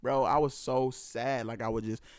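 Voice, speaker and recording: A man's voice: medium pitch, flat delivery, moderate pace, darkish tone, smooth, dry recording, studio quality. A young man with a Cleveland accent, hosting a casual podcast chat in a loose, profane way, laughing often. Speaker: podcast host.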